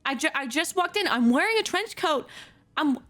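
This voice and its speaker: A woman streamer at home at her computer, telling a story in a casual chat, animated and giggly, with lots of fillers and self-corrections. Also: high-pitched, normal speed, soft background music.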